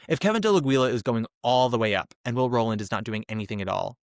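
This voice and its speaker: A man hosting a podcast, giving a casual, animated solo review with chatty asides. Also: medium pitch, fast, no room sound, studio quality. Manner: chatty and animated, slips into mocking impressions. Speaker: podcast host, theater reviewer.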